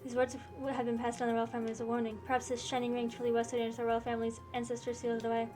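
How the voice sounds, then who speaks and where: A woman's voice: fairly high pitch, monotone, very fast, over music, lightly acted. A woman reading as a solemn old queen. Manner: stately, formal speech. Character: solemn older queen, gentle and grave. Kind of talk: reading game dialogue aloud.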